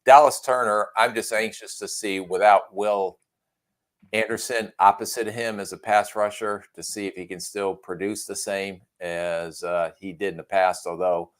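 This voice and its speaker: A man's voice: on the low side, fairly even intonation, normal speed. A man co-hosting a podcast, giving plainspoken views with dry humor. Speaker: podcast co-host, former NFL executive. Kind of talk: casual sports chat.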